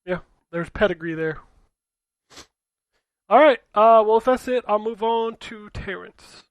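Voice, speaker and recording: A man hosting a gaming podcast, dry and opinionated, often trailing off into quiet asides. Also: high-pitched, measured pace, clear, resonant tone, no room sound. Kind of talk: casual gaming chat.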